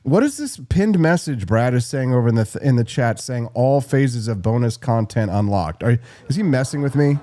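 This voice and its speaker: A man hosting a live political talk show, brash and quick, reacting to chat and plugging sponsors. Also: mid-range voice, animated, warm tone, a little hiss or hum. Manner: brash, fast-talking, reads live chat. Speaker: host.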